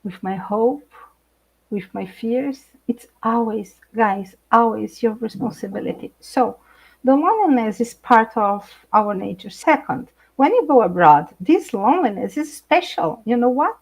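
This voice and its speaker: Brazilian lady, middle-aged, slow careful english w/ accent, higher voice, laughs a lot, kinda lively. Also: poor audio. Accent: Brazilian Portuguese. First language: Portuguese. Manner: animated, laughs often, hesitant non-native phrasing. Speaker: guest speaker, intercultural trainer. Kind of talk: live video chat.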